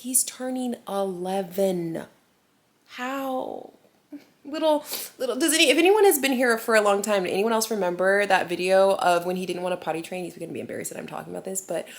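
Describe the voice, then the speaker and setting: A woman in her thirties, a mom vlogger chatting casually to camera in a rambling, giggly way full of fillers. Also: lowish voice.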